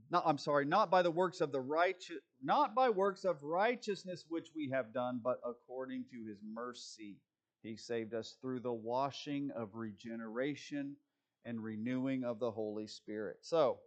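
A man preaching a conversational sermon, reading scripture slowly and rising to emphatic peaks. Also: mid-range voice.

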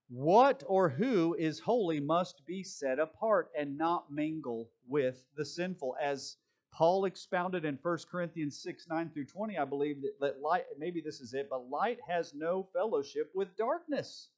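This man speaks with a higher, animated voice at an unhurried pace. He's a pastor at a church pulpit, preaching a sermon that moves from scripture read aloud into casual side remarks.

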